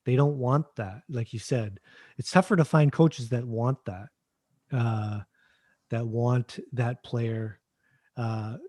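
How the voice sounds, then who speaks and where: A man hosting a podcast in casual chat, speaking haltingly with many fillers. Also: medium pitch, dark tone, dry recording. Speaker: podcast host.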